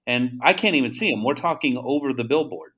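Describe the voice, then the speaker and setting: Animated man telling a story. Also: mid-range voice, brisk, husky. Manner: animated storyteller acting out dialogue; loose, repeats words and restarts. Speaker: guest, founder of a seasoning brand. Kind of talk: casual storytelling interview.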